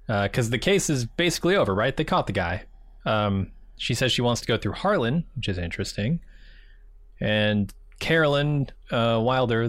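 A man co-hosting a casual TV recap podcast, summarizing the plot in a plain, steady way. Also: fairly low pitch, dry recording. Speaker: podcast co-host.

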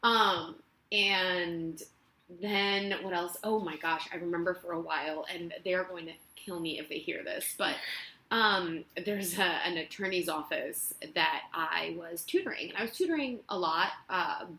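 A woman actress telling self-mocking stories in a casual interview in her apartment, quick to laugh. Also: lowish voice, sharp tone. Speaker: guest actress. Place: her own apartment living room. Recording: echoey room.

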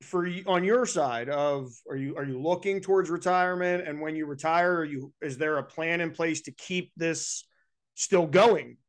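A man hosting an interview, asking questions in a halting way with frequent restarts. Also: fairly high pitch. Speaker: interviewer, former student. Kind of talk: casual interview.

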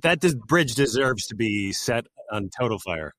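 A man's voice: mid-range voice, expressive, fairly bright tone. A man co-hosting a podcast, chatting casually and reacting enthusiastically. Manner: enthusiastic, quick affirmations. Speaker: podcast co-host. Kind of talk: casual chat.

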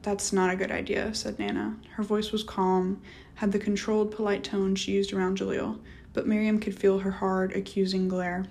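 Gravelly, flat woman audiobook narrator. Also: medium pitch. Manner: measured, steady reading. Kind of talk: scripted narration.

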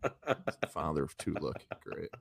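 A man's voice: rumbling low, big pitch swings, moderate pace, vocal fry, husky. A young man co-hosting a casual sports show, joking around and teasing in a playful, self-mocking way. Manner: jokey, puts on a silly fake English accent. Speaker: podcast co-host.

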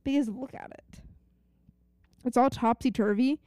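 A woman's voice: high voice, measured pace, darkish tone, no room sound, studio quality. A young adult woman co-hosting a podcast, chatty and enthusiastic, with lots of "like" fillers. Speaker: podcast co-host. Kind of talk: casual chat.

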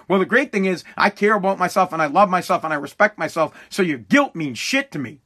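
High, bright-voiced guy in his thirties, rambling and profane, blunt, stop-start monologue. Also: expressive, brisk, few pauses. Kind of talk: ranting monologue.

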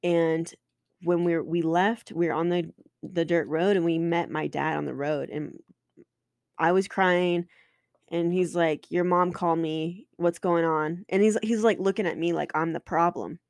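A woman's voice: fairly low pitch, steady tone, a little slow, darkish tone, dry recording. A woman in her twenties, a podcast host telling a personal story candidly and emotionally, swearing and restarting often.

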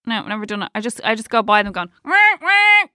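An Irish woman co-hosting a podcast in casual chat, telling stories with lively energy and frequent swearing. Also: medium pitch, very fast, no room sound, studio quality. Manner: swears freely, lively storytelling. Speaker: podcast co-host.

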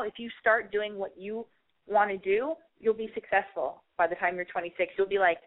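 A woman hosting a casual advice call, giving a rambling, profane, emphatic pep talk. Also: mid-range voice. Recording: tinny phone-line sound.

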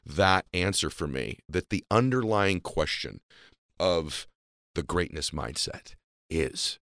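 A man's voice: low-pitched, lively intonation, takes it slowly, fairly bright tone, no echo, clean studio sound. A man hosting a podcast interview, talking in an earnest, reflective way about faith and purpose with his guest, and at times getting emotional. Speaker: podcast host. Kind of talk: heartfelt interview conversation.

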